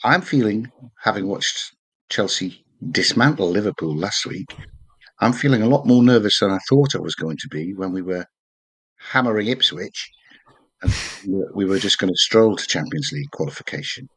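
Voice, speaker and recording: A man's voice: fairly low pitch, expressive, normal speed, fairly bright tone, breathy edge. A man hosting a podcast in casual chat, jokey and bantering with his guests. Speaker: podcast host.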